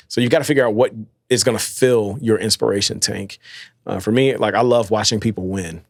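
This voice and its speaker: A man's voice: on the low side, steady tone, fairly quick, vocal fry, no room sound, clean studio sound. A man hosting a casual motivational podcast, talking loosely with lots of fillers and slang. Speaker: podcast host.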